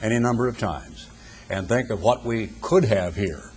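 An older man giving a radio sermon, husky-voiced, building emphatic rhetorical questions. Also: on the low side, moderate pace, a little mellow, a little hiss or hum. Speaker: preacher, radio broadcaster.

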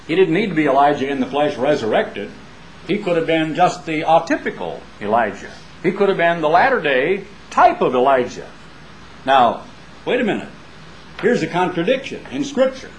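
A man's voice: sits high, very animated, moderate pace, slight background noise, low-quality recording. Folksy, emphatic male preacher. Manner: folksy and emphatic, with rising rhetorical questions. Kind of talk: sermon.

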